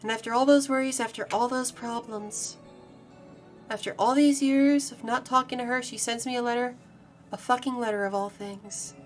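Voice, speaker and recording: A woman streamer reading a visual novel aloud, voicing a weary, guarded grown woman bartender in a low, subdued delivery with sighs. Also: steady tone, moderate pace, faint music behind, natural voice. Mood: bitter. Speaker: VTuber streamer.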